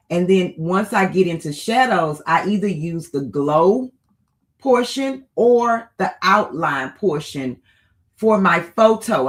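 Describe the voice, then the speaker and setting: A tutorial host walking viewers through software steps one at a time, often checking in with "okay?" or "right?". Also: medium pitch. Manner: unhurried, with occasional filler pauses. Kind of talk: screen-share software tutorial.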